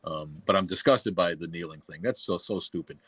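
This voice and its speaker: A man's voice: low-pitched, fairly quick, a bit bright, breathy edge, dry recording. A middle-aged man from New England with a New England accent, hosting a casual livestream and talking bluntly and profanely, with many fillers and restarts. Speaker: livestream host.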